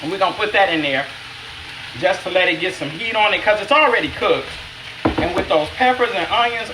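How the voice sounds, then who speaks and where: A woman's voice: medium pitch, a little fast. Chatty middle-aged woman cook, livestreaming from an echoey home kitchen with a hissing pan behind her. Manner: chatty, talks to viewers by name, self-teasing. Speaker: chef hosting a home cooking stream. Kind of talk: live-streamed cooking demo, casual chat. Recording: echoey kitchen with loud sizzling. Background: sizzling skillet.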